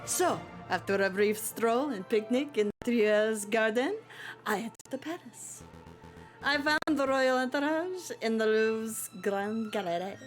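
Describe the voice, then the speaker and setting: A woman's voice: on the high side, animated, a little slow, faint music behind. A woman voicing a flamboyant male fox prince in a put-on Spanish accent, grand and courtly, while reading a visual novel aloud.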